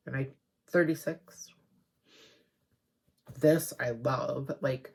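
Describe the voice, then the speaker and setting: Low voiced lady showing off her craft haul, slow easy talk, rambly and gets all excited. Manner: chatty, rambling, easily excited. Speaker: crafting video host. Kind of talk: casual show-and-tell haul.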